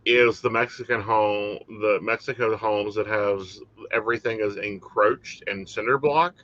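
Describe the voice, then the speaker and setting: A man with a bright, forward voice gives psychic readings on a live stream. He delivers his predictions in a calm, matter-of-fact way. The sound is dull and lo-fi, as if carried over a video call. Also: lowish voice, a little slow. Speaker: psychic reader, host.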